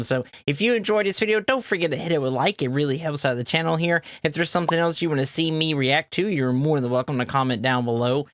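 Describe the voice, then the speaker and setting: A man's voice: on the high side, a bit bright, no room sound, studio quality. A man hosting a reaction channel, signing off in an upbeat, chatty way. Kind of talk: casual reaction-video outro.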